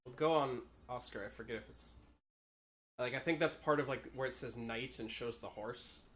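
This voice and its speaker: A man co-hosting a gaming video, talking in a relaxed, rambling way. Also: medium pitch, normal speed, slight background noise. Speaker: game co-host. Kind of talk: casual gaming commentary.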